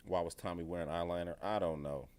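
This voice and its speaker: A man's voice: low-pitched, fairly even intonation, fast talker, a little mellow. A man giving a casual reaction review of a TV episode, profane and emphatic, often repeating his points. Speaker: TV show reviewer.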